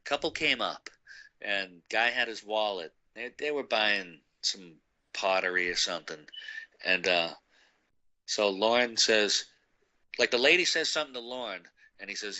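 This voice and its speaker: Bright-voiced man telling a rambling story. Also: fairly low pitch, normal speed, low-quality recording. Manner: rambling, laughs often, acts out quoted people. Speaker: guest recounting a meeting. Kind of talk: casual storytelling chat.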